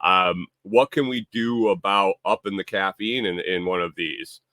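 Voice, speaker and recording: A man's voice: low voice, unhurried, bright, forceful tone, no echo, clean studio sound. A man hosting a casual live stream, rambling and repeating himself, reading viewer comments aloud. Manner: reads viewer chat aloud. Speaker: livestream host.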